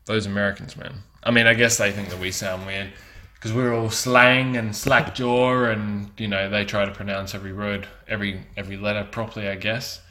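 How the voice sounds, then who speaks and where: A man's voice: lowish voice, level tone, brisk, bright, forceful tone. Crude rambling man in his twenties. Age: 20s. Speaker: podcast host. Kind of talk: casual solo podcast chat.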